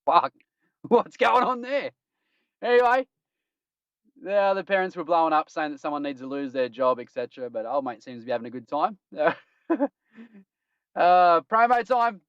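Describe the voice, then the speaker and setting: This podcast host is an Australian man with a slightly high, very animated voice, delivered at a moderate pace in a clean tone without echo. He works through strange news items in a playful, joking manner, chuckling at his own puns. The casual roundup comes through as dull, lo-fi stream audio.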